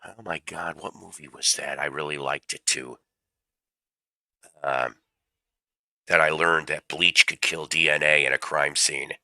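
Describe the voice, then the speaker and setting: A man's voice: rumbling low, steady tone, unhurried, pauses often, sharp tone, dry recording. A man, fighting a cold, hosting a casual livestream and rambling through stories with jokey asides. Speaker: livestream host. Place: home room with his cat.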